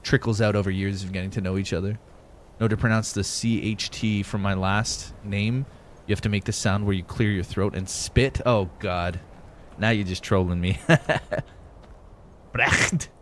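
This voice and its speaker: With a voice on the low side, this young gaming streamer reads viewer messages during live gameplay, cursing casually and laughing a lot. A little hiss or hum sits in the audio.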